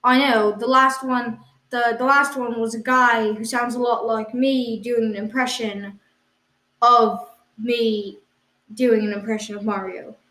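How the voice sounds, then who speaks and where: A woman co-hosting an improvised comedy podcast with a voice that sits a little high. She defends absurd claims in an earnest, hesitant way, full of ums. An echoey room surrounds her. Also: flat delivery, unhurried, bright, forceful tone. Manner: hesitant, insisting on absurd claims with a straight face. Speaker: podcast co-host.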